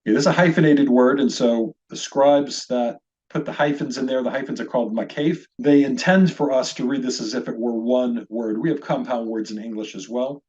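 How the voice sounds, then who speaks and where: A man's voice: mid-range voice, normal speed, a little mellow, lo-fi sound. A man teaching a recorded language lesson, explaining step by step in a patient, methodical way and asking listeners to repeat after him. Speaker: Hebrew teacher.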